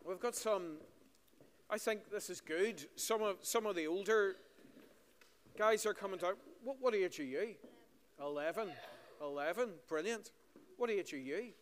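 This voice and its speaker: A man's voice: high voice, a little slow, pauses often, slight background noise. A Northern Irish man, a pastor, giving a friendly story-style children's talk in a church service. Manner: friendly storytelling to children, asking them questions. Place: large church. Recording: long church hall reverb.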